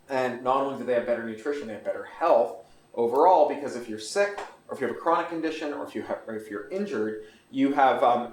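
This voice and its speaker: Fast-talking author in echoey room. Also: male voice, medium pitch, a little hiss or hum. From Canada. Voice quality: fast, articulate, explanatory. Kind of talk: book talk at a bookstore event. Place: bookstore event room. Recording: echoey room recorded from far off.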